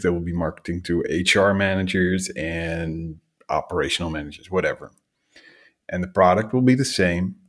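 A man hosting a podcast, chatting casually and relaxed, with wry asides. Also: sits low, breathy edge. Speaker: podcast host. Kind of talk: casual conversational interview.

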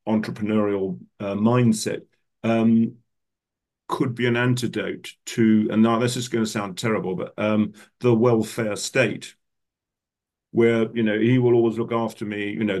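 A man's voice: on the low side, darkish tone. An older man hosting a podcast, asking long, rambling questions and searching for his words. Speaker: podcast host, coach. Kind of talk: conversational interview questions.

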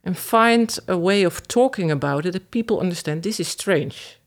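A woman's voice: on the low side, animated, normal speed. A woman speaks as a guest in a casual podcast conversation. She is hesitant and searches for her words, often restarting her sentences as she thinks aloud.

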